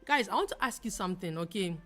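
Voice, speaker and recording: A young woman from Ghana hosting a live trading stream, talking fast as she reads viewer comments aloud and answers them. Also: medium pitch, expressive, soft background music. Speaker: forex trading livestream host. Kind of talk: casual livestream chat reading viewer comments.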